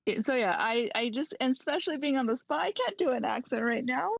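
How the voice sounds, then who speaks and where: A woman speaking standard American English co-hosts a casual podcast chat, explaining herself thoughtfully but ramblingly, full of fillers and restarts. Her voice is high-pitched, animated and brisk with vocal fry, and the sound is lo-fi.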